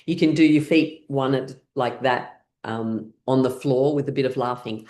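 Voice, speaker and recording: A woman's voice: a bass voice, normal speed, darkish tone. A woman instructor guiding a laughter exercise class, upbeat and encouraging, often breaking into laughter between her instructions.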